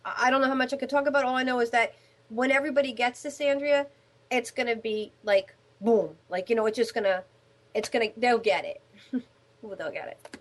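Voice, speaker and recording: A high-voiced woman hosts a radio talk show and chats with her guest. She talks with eager enthusiasm. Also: fairly even intonation, fairly quick. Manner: enthusiastic, chatty.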